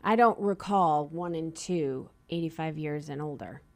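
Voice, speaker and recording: A woman's voice: low-pitched, a little slow. A woman with a Boston accent hosting a radio interview show in a friendly, chatty way.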